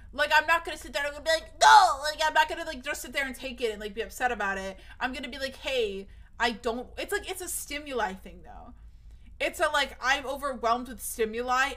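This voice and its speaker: A woman's voice: high-pitched, sharp tone. A young woman streamer chatting casually with her viewers, rambling and restarting a lot, nervous, with her voice cracking. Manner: rambling, restarts often, swears. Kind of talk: casual chat with live viewers.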